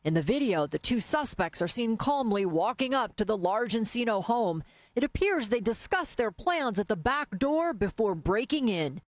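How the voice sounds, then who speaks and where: Female news narrator, higher pitch, animated read, dry studio. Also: moderate pace, no echo. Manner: crisp, even news read. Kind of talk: scripted news voice-over.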